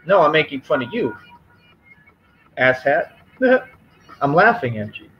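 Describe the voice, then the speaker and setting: A man's voice: on the high side, animated, moderate pace, muffled recording, soft background music. Firm, confrontational man on a stream. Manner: confrontational, firm and repetitive, lecturing. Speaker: livestream host. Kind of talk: live stream rant to chat.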